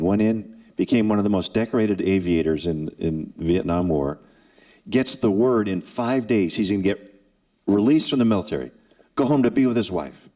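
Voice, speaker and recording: A man in his sixties speaks at a forum for students in a deep, low voice. He tells his story in an earnest way, with dramatic pauses and acted quotes. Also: dark tone. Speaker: former NFL kicker and forum speaker. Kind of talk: emotional personal storytelling to students. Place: event hall.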